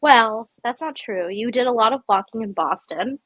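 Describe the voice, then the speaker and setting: A woman co-hosting a podcast while fighting a cold, telling stories in a lively, laugh-filled way and acting out what others said. Her voice is bright and a little high. The sound is dry and close. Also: moderate pace, breathy edge, no echo. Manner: animated storyteller, laughs often, quotes people in voices. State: sick with a cold. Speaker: podcast co-host. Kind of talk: casual chat.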